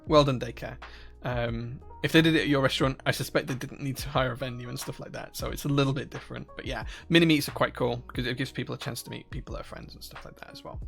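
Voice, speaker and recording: A man's voice: mid-range voice, steady tone, fast talker, gravelly, few pauses, a bit bright, faint music behind. A man from Northern Ireland with a Northern Irish accent, hosting a live stream and chatting casually with viewers, rambling with frequent restarts and fillers. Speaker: livestream host. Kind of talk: casual live-stream chat, reading chat questions.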